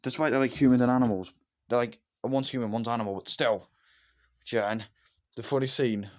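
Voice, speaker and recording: A man gives a casual, rambling movie review, enthusiastic and repetitive, full of fillers and restarts. His medium-pitched voice is steady and a little fast, in a dull lo-fi recording.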